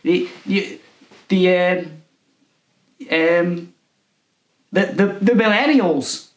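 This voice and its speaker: A man's voice: high voice, extremely slow, roomy sound, voice pushed up. A man voicing an awkward young man who fakes a clumsy Australian accent and stammers in a flustered way. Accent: put-on Australian.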